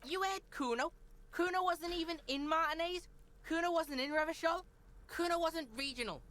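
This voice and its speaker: A man's voice: very high voice, moderate pace, bright, forceful tone, voice pushed up. A man doing a sneering foul-mouthed street kid in a Scouse voice. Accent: put-on Scouse. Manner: refers to himself in the third person, swears constantly, sneering. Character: foul-mouthed street boy, cocky and hostile. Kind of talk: live game voice-over.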